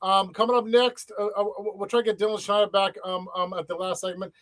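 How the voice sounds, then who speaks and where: A man hosting a casual podcast, halting and stumbling over repeated words as he leads the talk. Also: sits high, flat delivery, fairly bright tone, no room sound. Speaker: podcast host.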